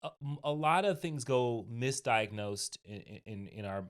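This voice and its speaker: A man's voice: medium pitch, animated, measured pace, clear, resonant tone. A man co-hosting a podcast, talking casually with frequent restarts and "right?" tags. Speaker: podcast co-host.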